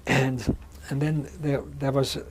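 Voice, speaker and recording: A man in his sixties giving a measured oral history testimony in an interview, often restarting and repeating words as he speaks. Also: mid-range voice, flat delivery, noisy background. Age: 60s. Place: museum interview room.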